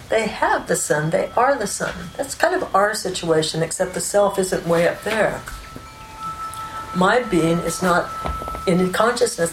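A woman giving an unscripted spiritual teaching, explaining ideas calmly and often checking in with "right?" and "you know". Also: mid-range voice. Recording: roomy echo with faint background noise.

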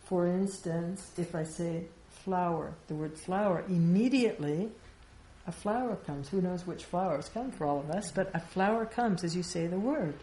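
A woman's voice: on the low side, normal speed, dark tone. A woman giving an informal spiritual teaching, talking conversationally with rhetorical questions and light laughs. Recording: echoey room with faint ambience.

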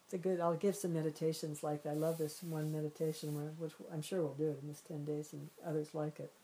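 A low, mellow female voice teaching spiritual ideas in a gentle, reflective way. She often circles back and rephrases while she searches for words. A faint hiss sits under the recording. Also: little pitch movement, fast, low-quality recording. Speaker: meditation and Vedanta teacher.

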